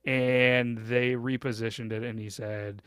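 A man's voice: medium pitch, flat delivery, a little slow, a bit bright, smooth, no room sound, studio quality. Hesitant, rambling male podcast storyteller. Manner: rambling, full of hesitations and "you know" fillers. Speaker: podcast host. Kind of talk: casual storytelling.

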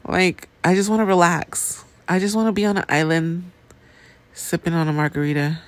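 A woman's voice: lowish voice, fairly even intonation, moderate pace, no echo. A woman hosting a podcast, venting in a rambling, casual way and swearing freely. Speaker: podcast host. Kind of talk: casual chat. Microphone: podcast mic.

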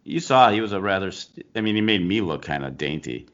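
A very deep-voiced man co-hosting a casual talk show who tells stories in an animated way, with plenty of restarts and laughter. The sound is a little dull and lo-fi. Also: a little fast. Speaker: co-host, baseball coach. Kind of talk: casual chat.

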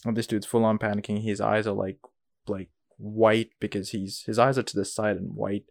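A young man hosting a podcast, rambling through a story with lots of "like" and quick asides. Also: fairly low pitch, gravelly, no room sound, clean studio sound. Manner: rambling, animated retelling with frequent "like" and asides. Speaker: podcast host. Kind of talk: casual storytelling.

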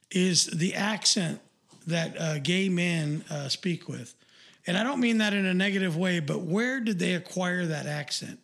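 High-voiced man ranting bluntly. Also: creaky, fairly bright tone. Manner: rambling, blunt and profane, heavy on fillers. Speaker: podcast co-host. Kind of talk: casual live-stream chat.

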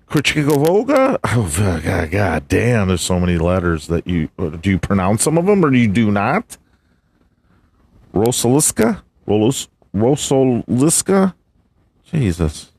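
A man's voice: low voice, a little mellow. A man hosting a casual solo podcast, swearing a lot, laughing, and fumbling through hard names. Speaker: podcast host.

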